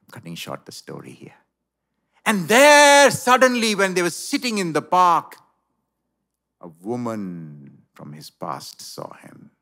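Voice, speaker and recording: Animated, slow-paced male preacher. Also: sits high. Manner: dramatic, animated storyteller. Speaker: pastor. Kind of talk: sermon with storytelling. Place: church.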